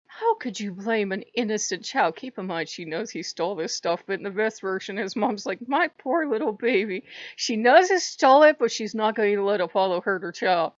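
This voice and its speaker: A woman hosting her channel, telling myths casually with an animated, irreverent manner, on a dull lo-fi recording. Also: medium pitch, no echo. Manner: animated, irreverent, laughs often. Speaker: channel host. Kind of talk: casual mythology storytelling.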